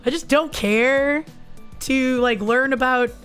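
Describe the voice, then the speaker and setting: A woman with a somewhat high voice that has gone hoarse and raspy after being sick, chatting loosely with viewers and swearing freely. Faint music plays beneath her talk. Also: takes it slowly, a bit bright. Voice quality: raspy, husky. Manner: casual and crude, swears often. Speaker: VTuber streamer. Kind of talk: casual livestream chat reading super chats.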